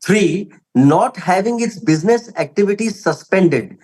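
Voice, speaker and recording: A man's voice: sits high, animated, a little slow, darkish tone, slightly rough, low-quality recording. A man with an Indian English accent arguing a case before a court, deferential and emphatic, addressing the bench repeatedly. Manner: deferential, peppered with "my lord", emphatic. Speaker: advocate arguing for a respondent. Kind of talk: formal courtroom argument.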